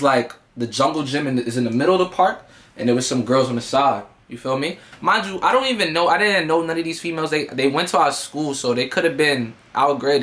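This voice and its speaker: A man's voice: mid-range voice, a bit bright, slight background noise. A man telling a story in a casual, slangy, streetwise way, full of fillers. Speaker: vlogger.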